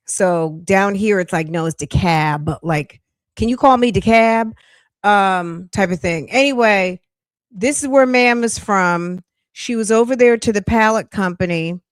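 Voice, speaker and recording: A woman's voice: medium pitch, smooth, no room sound, studio quality. A woman hosting a casual true-crime news chat, chatty and emphatic with sassy asides. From New York. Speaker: true-crime commentary host.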